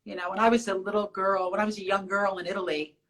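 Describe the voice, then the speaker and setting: A woman's voice: medium pitch, level tone, fast, fairly bright tone, poor audio. A woman in her forties, hosting a casual live question-and-answer with fans, telling personal stories in a chatty way with many restarts. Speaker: show host.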